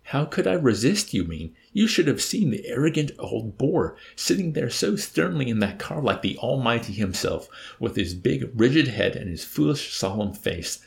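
A man's voice: medium pitch, very animated, moderate pace, gravelly, few pauses, voice pushed up. A man voicing a suave, mocking villainous old man in an audiobook. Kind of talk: audiobook character voice.

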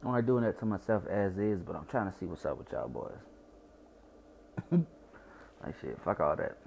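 Young southern man, tipsy, rambling, stuttering, lowish voice, mellow tone, faint room hum. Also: big pitch swings, normal speed, gravelly. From Georgia. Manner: rambling, repeats himself, stutters. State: tipsy from wine. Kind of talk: casual profane monologue.

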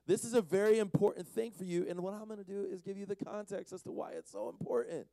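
A man's voice: high voice, lively intonation, fast, dark tone, no room sound. A man giving a casual, joking sermon to a young audience as a conference speaker, teasing the crowd as he goes. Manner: playful, teases the audience.

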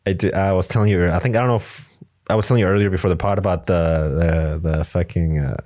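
A man co-hosting a podcast, chatting casually, animated and laughing often. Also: low-pitched, fast talker. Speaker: podcast co-host. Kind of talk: casual chat.

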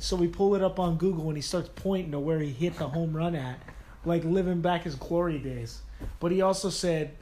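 A man co-hosting a podcast, talking casually and excitably with lots of fillers. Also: on the high side, moderate pace. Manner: excitable, storytelling with many fillers. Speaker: podcast co-host. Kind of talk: casual chat.

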